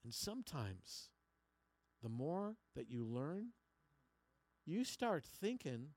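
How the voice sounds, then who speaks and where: A man preaching a sermon in a dry, close sound, his voice sitting a little high. He drops to soft, slow stretches and then climbs to loud, emphatic peaks, often doubling words as he gathers his thoughts. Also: sing-song, dry recording. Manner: repeats words while finding his phrasing. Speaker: pastor.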